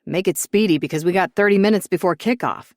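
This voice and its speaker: A woman's voice: fairly low pitch, fast, no echo, clean studio sound, lightly acted. A woman voicing a cocky, teasing young man who is breezy and bossy, in a story reading.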